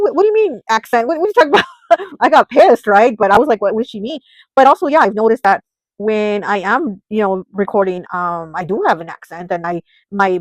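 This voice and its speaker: A woman's voice: mid-range voice, no echo, poor audio. A woman giving a casual tarot reading, talking chattily with many filler words and restarts. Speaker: tarot reader.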